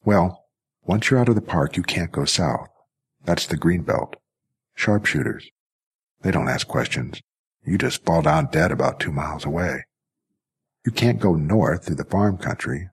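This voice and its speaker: A man voicing a scrappy streetwise boy, husky. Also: deep voice, animated, a little slow, long pauses, heavily acted. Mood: urgent.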